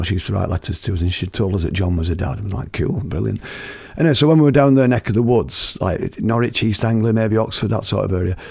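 A man's voice: low voice, creaky, a little mellow, husky, no room sound, clean studio sound. A middle-aged man from Britain telling rambling, chatty anecdotes, laughing at his own stories and using slang. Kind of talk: casual storytelling.

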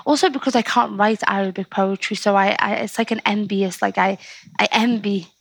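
Woman, Scouse accent, poet, chatty, animated, mid pitch, dry close recording. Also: vocal fry, no room sound. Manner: animated, chatty storytelling with quick asides. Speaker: poet, guest. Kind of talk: casual interview conversation.

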